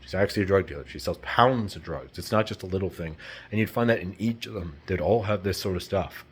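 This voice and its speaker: A man's voice: sits low, fast talker, slight background noise. A man talking in a rambling, heated, profane unscripted monologue.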